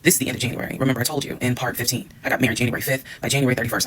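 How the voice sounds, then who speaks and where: A woman's voice: rumbling low, flat delivery, very fast, a little hiss or hum, poor audio. A woman telling a personal story to her followers, candid and blunt, swearing and acting out what people said. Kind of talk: storytime monologue.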